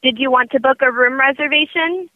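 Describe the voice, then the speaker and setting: A woman's voice: sits high, brisk, dry recording. A woman working as a reservation clerk, businesslike and growing impatient on a prank call. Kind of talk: recorded prank phone call. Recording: tinny phone line.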